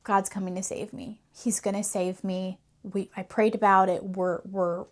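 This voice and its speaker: A woman's voice: medium pitch, little pitch movement, normal speed, natural voice. A woman voicing a stubborn stranded man who cheerfully brushes off rescuers and insists he is fine. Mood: breezy refusal.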